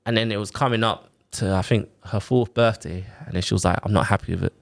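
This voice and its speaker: Low-voiced man telling his story. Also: quick pace, gravelly. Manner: animated retelling with quoted exchanges, fillers like "like" and "innit". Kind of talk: casual chat, personal story.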